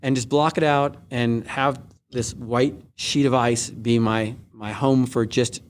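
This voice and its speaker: A man's voice: mid-range voice, steady tone, a little hiss or hum. Earnest middle-aged man telling his story. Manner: earnest, halting with many restarts. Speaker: guest, Olympic speed skater. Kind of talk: conversational interview storytelling. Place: large indoor skating arena.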